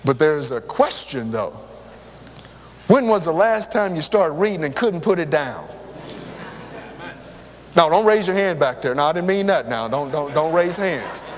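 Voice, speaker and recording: Long pauses mark this older man's measured sermon, delivered in a fairly high voice. He speaks straight to his congregation in a lively, conversational manner, weaving in personal stories, and the church hall adds a long reverb.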